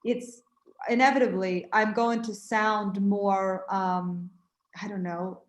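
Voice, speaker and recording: A woman's voice: mid-range voice, fairly even intonation, takes it slowly. Female guest, Swedish native, near-American accent, precise and a touch formal, roomy video call. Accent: general American with a slight Swedish trace. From Sweden. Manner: careful, clear pronunciation, slightly formal. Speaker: guest actor. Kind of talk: interview answers. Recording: echoey room over a video call.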